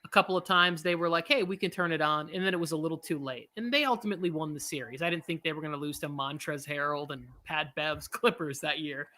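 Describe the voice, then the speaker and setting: Man, watch-party co-host, casual rambling game talk, bright forward tone. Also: on the high side. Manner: rambling, quick asides, self-mocking. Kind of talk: casual live game commentary.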